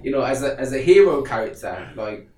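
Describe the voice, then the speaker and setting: A man, an actor chatting as a podcast guest in a lively, slangy way, full of "innit" and "you know what I mean". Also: medium pitch, a little fast, a loud crowd. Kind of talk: casual chat. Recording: roomy, somewhat distant mic.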